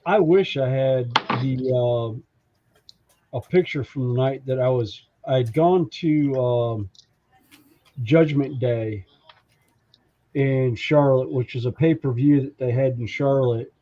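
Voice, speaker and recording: A man telling stories in a casual podcast chat, animated and acting out the voices of the people in his stories. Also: mid-range voice, slow, dull audio. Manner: animated storyteller who acts out quoted voices. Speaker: podcast co-host.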